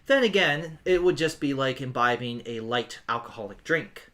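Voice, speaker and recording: A man voicing a sly young woman adventurer with a betting habit, in a low, muttering way. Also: animated, moderate pace, a bit bright, close to an everyday voice.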